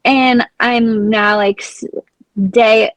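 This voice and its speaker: A young adult woman telling a story as a podcast guest, rambling and excitable, with "like" filling nearly every phrase. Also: a little high, very slow, no echo, poor audio. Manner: excitable, acts out her own past panic. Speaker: blind hockey program founder, guest. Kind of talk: casual storytelling in an interview.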